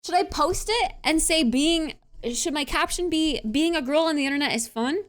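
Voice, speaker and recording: A woman's voice: high voice, normal speed. A young woman streaming, casually chatting to her viewers and breaking into giggles as she reads comments aloud. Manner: giggly, laughing fits while reading comments. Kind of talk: casual livestream chat.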